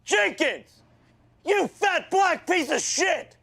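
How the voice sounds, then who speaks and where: An actor playing a foul-mouthed, abusive male football coach who shouts and berates his team in a comedic rant. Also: very high voice, big pitch swings, slow, creaky, heavily acted. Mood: yelling, berating.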